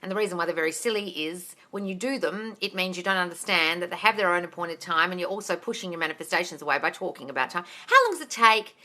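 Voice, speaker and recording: Blunt, bright-voiced woman coach. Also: on the low side, fast, hardly any pauses. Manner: blunt, swears casually, calls viewers darling. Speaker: manifesting coach answering live comments. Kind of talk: live-stream Q&A reading out comments.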